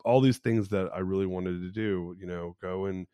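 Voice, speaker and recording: A man's voice: low voice, fairly even intonation, moderate pace, warm tone, clear, resonant tone, dry recording. A man in his forties hosting a podcast alone, telling a personal story in a candid, rambling way, with frequent restarts. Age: 40s. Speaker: podcast host.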